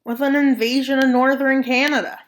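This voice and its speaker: A high-voiced woman delivers flat narration at a moderate pace for a map scenario video. The commentary stays casual, with joking asides and playful mock voices.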